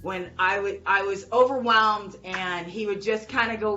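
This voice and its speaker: A woman hosting a podcast interview, bubbly and excitable, laughing often and talking with big energy. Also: mid-range voice, moderate pace, hardly any pauses, muffled recording, soft background music. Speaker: podcast host. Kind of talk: enthusiastic interview chat.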